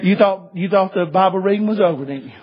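Preacher guy, high husky voice, goes from hushed to shouting, dull lo-fi recording. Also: quick pace. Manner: swings from hushed to shouting, folksy. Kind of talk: sermon storytelling.

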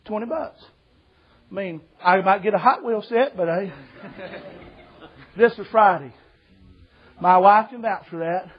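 A man preaching a sermon testimony, telling a lively story and acting out the voices of the people in it. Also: sits high, measured pace, pauses often, dull audio.

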